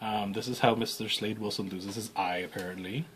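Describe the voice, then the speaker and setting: A man's voice: on the low side, steady tone. A man hosting a toy review, chatting casually and joking through an unboxing. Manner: joking, rambling, quick asides. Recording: loud background noise.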